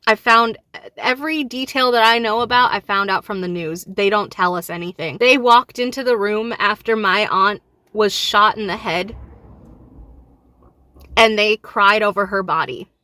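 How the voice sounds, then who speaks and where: Bright-voiced woman fighting back tears. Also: medium pitch, moderate pace, no echo. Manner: grieving and enraged, voice rising and falling. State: on the verge of tears. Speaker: vlogger. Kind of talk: emotional direct-to-camera talk.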